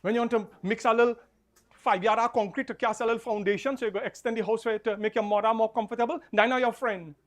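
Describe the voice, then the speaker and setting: A man, an officiating pundit preaching a funeral sermon, repeating key lines and swinging between soft and loud. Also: high voice, steady tone, fast.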